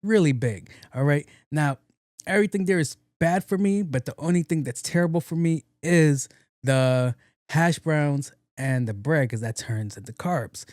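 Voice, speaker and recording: A young adult man hosting a podcast, telling a comic story in a loose, profane and animated way, often laughing along with himself. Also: fairly high pitch, normal speed, dry recording, clean studio sound. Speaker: podcast host. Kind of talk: casual comedic storytelling monologue.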